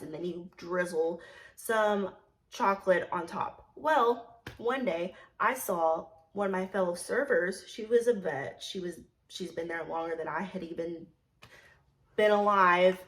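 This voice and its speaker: A young woman telling a story about a past job in a casual, blunt way, swearing freely and filling with "like", dropping low and quiet, then rising loud and indignant. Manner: chatty, blunt, swears freely, many "like" fillers. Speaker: vlogger telling a work story.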